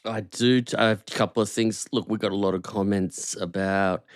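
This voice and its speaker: A man co-hosting a comedy podcast, talking in a deadpan way and chuckling to himself. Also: fairly low pitch, moderate pace, dry recording, clean studio sound. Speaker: podcast co-host. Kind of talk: casual comedic chat.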